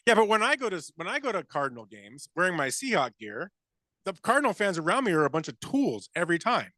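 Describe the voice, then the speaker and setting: A man co-hosting sports talk radio, rattling along at a fast clip with a lively, swooping delivery. His tone is bright and edgy, and he comes across as joking and quick to defend himself. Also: high voice, no room sound. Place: radio studio.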